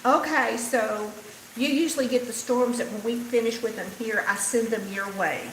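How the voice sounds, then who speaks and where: A woman's voice: fairly high pitch, moderate pace, echoey room, slight background noise. An older woman with a Texan Southern drawl, hosting a casual livestream from her home kitchen, chatting and answering viewer comments as she cooks. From Texas. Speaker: host. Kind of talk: casual livestream cooking chat.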